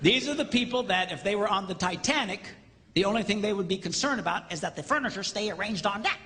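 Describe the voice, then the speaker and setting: Male seminar speaker, high and wildly lively, reverberant auditorium. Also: fast. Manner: animated, acts out quoted voices for laughs. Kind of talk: live comedic lecture. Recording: reverberant hall with faint noise.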